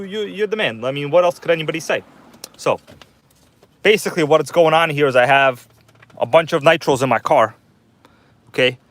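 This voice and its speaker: A man's voice sits on the high side and sounds a bit bright, captured by a phone with no echo. He's a livestream host chatting casually from inside his parked car at night, calling out viewers by name.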